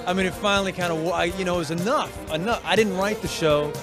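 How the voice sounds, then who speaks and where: An actor in a casual interview, talking at a fast clip in a high register. He repeats words as the story heats up. Music plays clearly in the background outdoors. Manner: animated storytelling, repeats words when heated. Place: outdoors in an urban setting.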